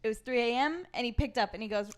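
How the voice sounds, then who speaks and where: A woman's voice: a little high, fast. A woman in her twenties co-hosting a podcast, telling a story in casual chat and acting out the people she quotes. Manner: animated, acts out quoted voices. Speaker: podcast co-host.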